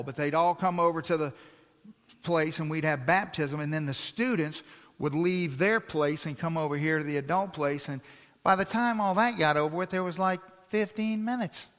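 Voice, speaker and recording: Bright-voiced man preaching a sermon. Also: a little high. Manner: animated storytelling, sarcastic asides. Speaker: pastor. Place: church sanctuary. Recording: long church-hall reverb.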